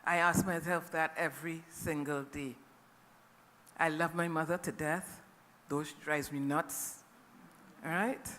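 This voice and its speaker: A middle-aged speaker with a Trinidadian accent delivers a heartfelt personal testimony, keeps checking in with the crowd, and sounds bright and forceful. The voice carries with a long, lingering reverb from a large conference hall. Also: medium pitch, steady tone, measured pace, pauses often, a little hiss or hum. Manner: earnest and emotional, often checks in with the audience. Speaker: family caregiver speaking at a conference.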